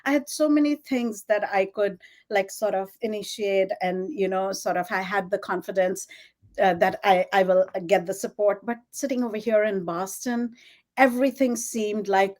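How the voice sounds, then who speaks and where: A middle-aged woman from India with an Indian English accent, telling her story in an interview, animated and laughing often, with many fillers. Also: medium pitch, moderate pace. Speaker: guest, fashion designer.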